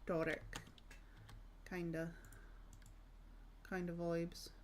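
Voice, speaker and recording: A woman's voice: fairly low pitch, monotone, very slow, a little hiss or hum. A young woman from northeast Scotland with an Aberdonian accent, chatting casually and rambling through stories while streaming a game. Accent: northeast Scottish (Aberdonian). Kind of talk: casual chat while gaming.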